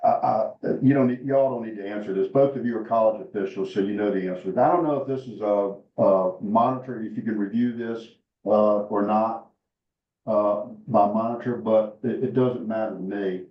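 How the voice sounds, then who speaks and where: A man's voice: fairly low pitch, moderate pace. A man presenting a rules clinic for basketball officials, talking casually with fillers and restarts. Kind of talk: rules instruction and discussion. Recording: roomy, dull lo-fi sound.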